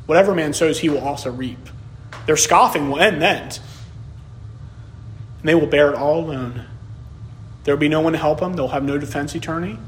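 A man's voice: on the high side, moderate pace, long pauses, a bit bright, slight background noise. A man preaching a sermon as pastor, repeating key phrases as his delivery builds in intensity.

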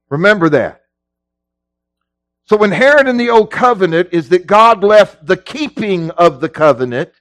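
A middle-aged male pastor preaching a sermon in a folksy way, moving between low, quiet teaching and loud shouting. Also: no room sound. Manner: folksy, drops into casual grammar.

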